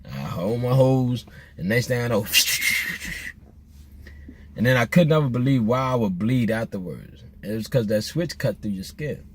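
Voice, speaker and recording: Animated yet a touch slow, his mid-range voice carries rambling, joke-filled stories told while driving his car. The middle-aged vlogger leans on slang and keeps restarting, with slight background noise present.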